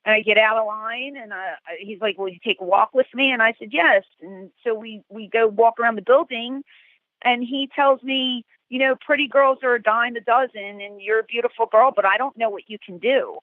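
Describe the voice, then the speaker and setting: A middle-aged woman, a guest, telling animated stories and acting out the quotes. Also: fairly high pitch, normal speed, no room sound. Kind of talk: storytelling interview. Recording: tinny phone-like call, dry.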